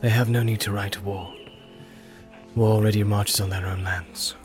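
A calm male elf who speaks in a low, quiet and grave voice, as a male narrator puts him on. This is an audiobook voice. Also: normal speed, soft background music, lightly acted.

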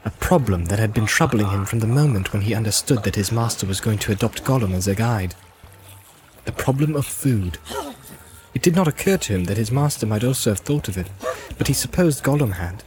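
A man narrating a fantasy novel in an even, measured storytelling voice. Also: lowish voice, a little hiss or hum. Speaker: audiobook narrator. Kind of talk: scripted narration.

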